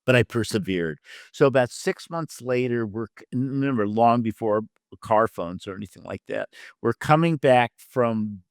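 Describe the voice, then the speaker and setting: There's no room sound here, just clean studio audio of an older man with a medium-pitched voice at a moderate pace. A literary agent and producer, he shares stories from his career as an interview guest, voicing the people in them with animated flair. He speaks loosely, dropping fillers and breaking off to restart his thoughts.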